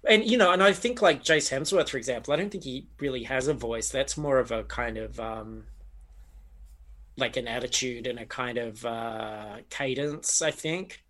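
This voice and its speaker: A man's voice: mid-range voice, normal speed, a bit bright. A man, a game master chatting in an interview, thinking aloud with lots of fillers and restarts. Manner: reflective, rambling, with many fillers and restarts. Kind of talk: casual interview chat.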